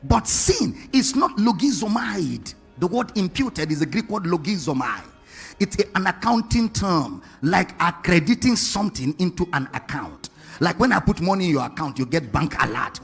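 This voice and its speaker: A man's voice: on the high side, animated, normal speed, gravelly, husky, soft background music. A man preaching a sermon to a congregation, firing rhetorical questions and asking them to read along.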